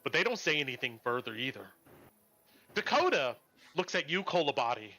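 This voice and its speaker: A man's voice: medium pitch, very animated, moderate pace, pushed and bright. A man narrating a tabletop game as game master, describing scenes and giving voice to crowd characters.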